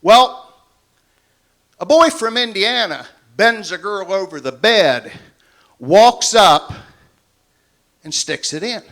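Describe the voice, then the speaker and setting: Lively high-voiced man in his fifties. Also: slow pace, long pauses. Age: 50s. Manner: folksy storytelling, self-deprecating. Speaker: stand-up comedian. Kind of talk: stand-up comedy set. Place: comedy club stage.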